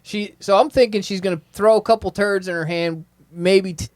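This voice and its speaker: High-voiced man telling a story, dry close sound. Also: moderate pace, no echo. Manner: laughing, animated storyteller acting out quotes. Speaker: podcast host. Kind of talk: casual storytelling chat.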